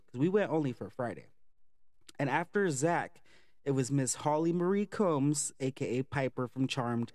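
A man telling a casual, profane story for a vlog, chatty and animated with lots of fillers. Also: medium pitch, dry recording, studio quality. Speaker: vlogger.

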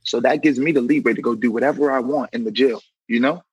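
This young man, a correctional officer, talks fast in a husky, medium-pitched voice, recounting a personal story in a conversational way, acting out quoted dialogue and frequently saying "you know." The sound is lo-fi with no echo.

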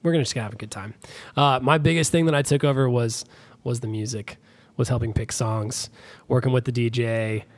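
A young man chatting casually on a podcast about his wedding plans, rambling and self-deprecating with quick asides. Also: mid-range voice, fairly even intonation. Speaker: podcast guest, groom.

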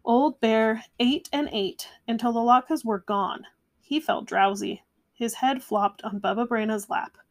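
A woman reading a children's picture book aloud in a gentle, measured way. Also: fairly high pitch. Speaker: storyteller. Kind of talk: storybook read-aloud.

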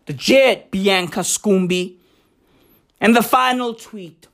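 A man's voice: high-pitched, big pitch swings, takes it slowly, fairly bright tone. A man giving casual vlog commentary on tweets, swearing a lot and repeating rhetorical questions for emphasis. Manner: profane, emphatic, keeps asking rhetorical questions. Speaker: vlogger reacting to tweets.

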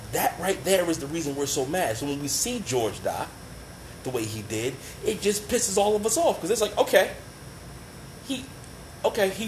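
Heated and blunt, this commentator swears nonstop while talking directly to the audience in a passionate rant. The voice sits in the mid range, with a bit of hiss or hum on the recording.

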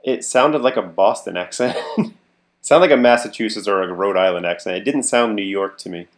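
A man's voice: lowish voice, brisk. A man co-hosting a podcast, talking casually about a film, often laughing and restarting his sentences. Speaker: podcast co-host. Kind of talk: casual movie discussion.

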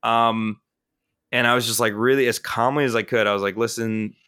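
A young man tells a story on a casual podcast, his voice bright and forward. He talks in an animated way, piles up fillers and swears freely. The recording is dry and close. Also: mid-range voice, fairly quick, smooth, dry recording. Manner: animated and profane, with frequent fillers. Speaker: podcast co-host.

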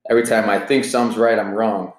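A man's voice: lowish voice, little pitch movement, fast talker, echoey room, low-quality recording. A man in his twenties hosting a solo podcast, talking in a rambling, candid, profane way, jittery from caffeine. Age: 20s. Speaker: podcast host. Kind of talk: casual solo podcast monologue.

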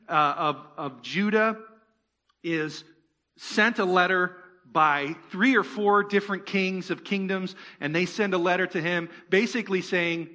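A male pastor delivering a sermon in a church, his voice pitched high and bright. He keeps it conversational, firing rhetorical questions at the congregation and tossing in playful asides.

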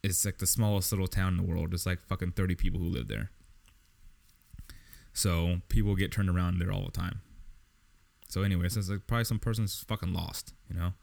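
A man with a deep voice and vocal fry hosts a podcast, telling a long, casual story monologue at a fairly quick pace with long pauses. The profane, animated telling is full of swearing and acted-out, quoted dialogue.

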